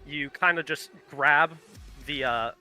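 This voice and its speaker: Bright-voiced male game master. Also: on the high side, takes it slowly, soft background music. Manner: casual, swearing, laughing often. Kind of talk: narrating a tabletop game.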